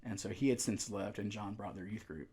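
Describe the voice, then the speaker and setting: A man's voice: on the low side, brisk, breathy edge. Laid-back man telling a story. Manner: relaxed storytelling, fillers like "man" and "like". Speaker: youth pastor. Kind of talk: casual podcast conversation.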